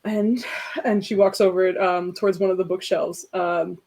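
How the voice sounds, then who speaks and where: A woman's voice: fairly low pitch, fairly even intonation, normal speed, dark tone. A woman narrating as game master for a tabletop game, rambling with many fillers and laughing easily.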